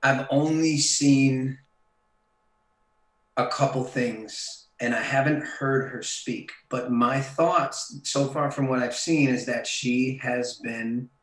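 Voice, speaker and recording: A man, a guest on a podcast in casual conversation, opinionated and emphatic, often slowing down to stress his points. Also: medium pitch, fairly even intonation, reverberant, rough recording.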